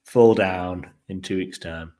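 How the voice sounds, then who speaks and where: A man's voice: low-pitched, slow pace, dark tone. A man co-hosting a podcast in casual chat, with dry, teasing remarks. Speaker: podcast co-host.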